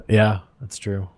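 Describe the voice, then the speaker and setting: A man's voice: lowish voice, a little mellow. A man hosting a casual podcast over a voice-chat call from home, joking and laughing often at his own mishaps. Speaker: podcast host.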